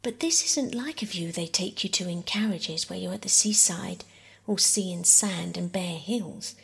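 A woman's voice: lowish voice, a little slow, creaky, a bit bright, slightly rough, full character voice. A woman voicing Bobbie, an eager, enthusiastic girl, in a storybook reading. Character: eager older girl Bobbie, warm and keen.

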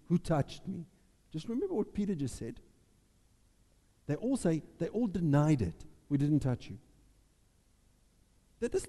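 Male pastor, dark mellow voice, animated sermon, reverberant hall. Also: medium pitch. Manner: animated preaching, acting out Bible voices. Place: church.

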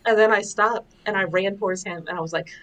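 A woman's voice: mid-range voice, steady tone, quick pace, fairly bright tone. A woman in a casual chat who tells a story, swearing freely and laughing as she goes.

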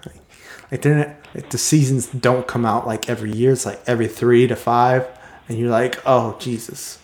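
Rambling American man in echoey room. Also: medium pitch. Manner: rambling, heavy use of "like" fillers. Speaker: host. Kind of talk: casual chat.

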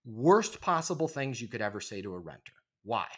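Guesting on a podcast, this man in his forties, a sales trainer, argues his case with emphasis and persuasion, constantly adding a questioning "right?" His mid-range voice swings widely in pitch, runs a little fast, and sounds a bit bright with a breathy edge.

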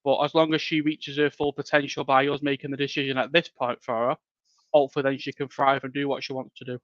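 A man, a home-educating dad talking as a podcast guest, animated and laughing often. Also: medium pitch, fast, dry recording. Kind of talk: casual interview chat. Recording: dull lo-fi dry sound.

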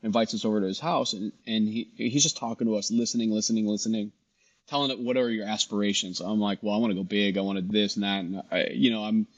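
A man with a husky, fairly low voice tells his story in an easygoing interview, acting out what people said and restarting his sentences as he goes. The sound is slightly dull and lo-fi. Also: quick pace. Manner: animated, quotes people in dialogue, frequent restarts. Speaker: guest, shop founder.

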